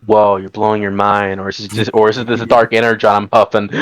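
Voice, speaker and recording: A man's voice: on the low side, fairly even intonation, fairly quick, no echo. A man playing in a tabletop role-playing game over a voice call, rambling, laughing a lot, swearing and tripping over his words. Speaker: player. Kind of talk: casual play chatter on a voice call. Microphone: voice call microphone.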